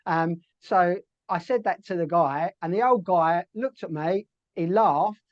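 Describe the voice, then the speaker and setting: A man's voice: sits high, unhurried, no echo, muffled recording. A middle-aged British man telling stories in a casual interview, full of fillers and restarts. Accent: British English. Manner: chatty storyteller, many fillers and restarts. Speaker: interview guest.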